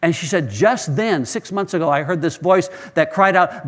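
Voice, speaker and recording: A man's voice: sits high, animated, moderate pace, few pauses, a bit bright. A male pastor preaching a sermon, telling stories earnestly and often repeating words as he starts a phrase.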